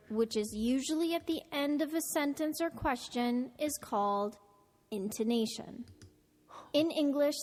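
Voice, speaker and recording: Female podcast narrator, higher voice, slow and carefully enunciated, with long reverb on the clip. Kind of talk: scripted lesson narration.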